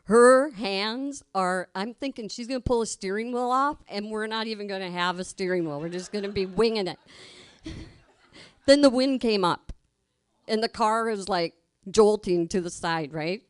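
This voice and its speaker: A woman's voice: mid-range voice, moderate pace, clean tone, no room sound. A middle-aged woman telling a personal story live on stage, colloquial, laughing as she goes and acting out the voices she quotes. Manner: colloquial, laughs through her own story.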